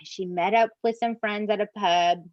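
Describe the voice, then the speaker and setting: Woman, animated true crime storytelling, mid pitch, slightly muffled, dry. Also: normal speed, no room sound. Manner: animated, swears, addresses listeners as "you guys". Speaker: podcast co-host.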